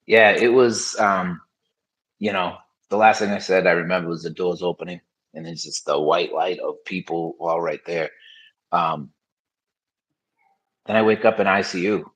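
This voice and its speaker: A man's voice: low voice, steady tone, moderate pace, pauses often, fairly bright tone, slightly rough, low-quality recording. A man as a podcast guest, telling his story in frank, casual conversation with many fillers.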